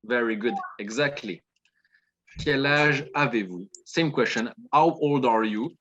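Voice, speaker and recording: A French man with a French accent teaching an online class, encouraging his students and repeating phrases slowly. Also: mid-range voice, a bit bright. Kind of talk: online demo language class. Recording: dull lo-fi audio with faint noise.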